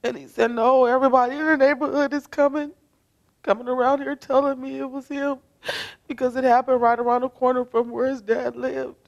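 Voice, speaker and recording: A woman's voice: high voice, flat delivery, a little fast, lo-fi sound. A middle-aged woman, a bereaved mother giving an emotional personal testimony, tearful, her voice rising as she tells it.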